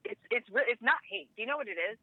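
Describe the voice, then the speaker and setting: A woman guest speaking in a lively, motivational way on a call, telling stories with animated voices. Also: on the high side, fast talker, no echo. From Latino background. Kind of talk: casual conversation on a call. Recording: tinny phone line.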